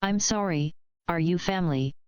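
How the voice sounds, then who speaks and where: Woman reader putting on a snooty front desk lady, sugary and uppity, smooth voice, dry sound. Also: fairly low pitch, normal speed, a little mellow, no echo, highs cut off, lightly acted. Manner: sickly sweet and uppity.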